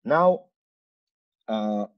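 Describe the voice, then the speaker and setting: A man's voice: on the low side, expressive, extremely slow, dull audio. A man giving a technical talk over a screen share, casual and full of fillers and playful asides. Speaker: conference speaker.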